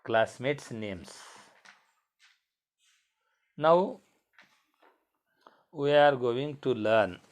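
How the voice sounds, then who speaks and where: Slow, deliberate male teacher. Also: mid-range voice, lively intonation. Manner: slow, deliberate, repeating words for learners. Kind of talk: bilingual classroom lesson.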